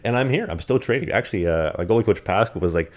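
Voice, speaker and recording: A man co-hosting a podcast, telling rambling, animated stories in casual chat. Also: on the low side, fast. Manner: animated, rambling anecdotes with acted-out quotes. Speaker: podcast co-host. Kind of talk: casual storytelling.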